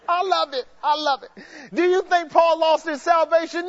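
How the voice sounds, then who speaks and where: A man preaching a sermon in an emphatic, repetitive way that builds to shouts. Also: extremely high pitch, unhurried. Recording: dull lo-fi sound.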